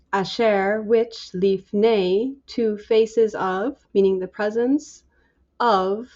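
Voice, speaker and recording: A woman leading a Bible study, slowly working through scripture word by word in a halting, musing, tentative way. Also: mid-range voice, darkish tone, muffled recording.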